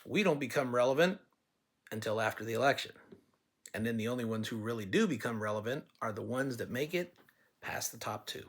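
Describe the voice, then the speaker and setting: Talking straight to his audience, this Californian running for office makes his case bluntly and folksily through stories. He speaks fairly quickly and expressively, with a medium-pitched voice carrying a breathy edge.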